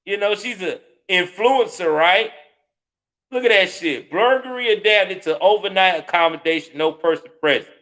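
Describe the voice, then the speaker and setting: Host, male, high-pitched, profane and scornful ranting with sudden loud spikes. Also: lively intonation, moderate pace. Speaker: commentary show host. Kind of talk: heated live reaction commentary.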